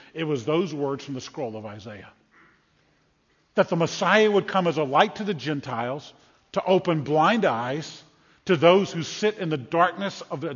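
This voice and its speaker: High-voiced preacher in a reverberant hall. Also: male voice, breathy edge. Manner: dramatic, acts out scripture voices, rising to loud calls. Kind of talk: sermon. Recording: dull sound with long hall reverb.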